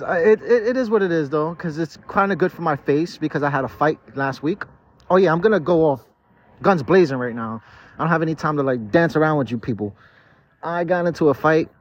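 A tipsy man rambles through a podcast monologue outdoors in a park. His voice sits a little high, and he swears freely and stumbles over restarts. The outdoor recording sounds dull and lo-fi. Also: expressive, fairly quick. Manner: rambling and profane, with stammered restarts. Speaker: podcast host. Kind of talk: casual drunken monologue.

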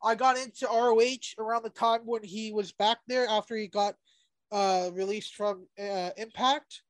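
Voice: medium pitch, fairly even intonation, normal speed, no room sound. A podcast co-host in casual chat who rambles, swears and hesitates often.

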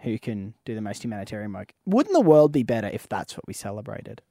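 Lively man with an animated voice. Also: on the low side, quick pace, creaky, no room sound, studio quality. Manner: animated, mock-indignant opinions. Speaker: radio co-host. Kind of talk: casual radio banter. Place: radio studio. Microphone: studio microphone.

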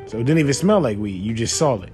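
A young man in his twenties rambles through stories in a casual, unscripted monologue, relaxed and profane. His pitch swoops up and down as he gets worked up, often climbing into loud outbursts before settling back down. Soft guitar music sits faintly in the background. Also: quick pace. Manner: loose, animated, profane, rising to loud outbursts; relaxed, laid-back while smoking. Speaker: podcast host.

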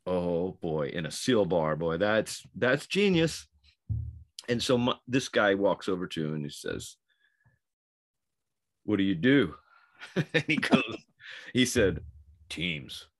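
A man's voice: sits low, big pitch swings, measured pace, dry recording, studio quality. A man, a former Navy SEAL co-hosting a podcast, telling a story in a rambling way and laughing as he goes. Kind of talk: casual storytelling chat.

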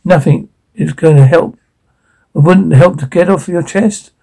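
A man delivers dramatic dialogue with a rough, gravelly grain. His voice is husky and on the higher side for a man. He talks in a blunt, profane and agitated way. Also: a little slow, mellow, poor audio.

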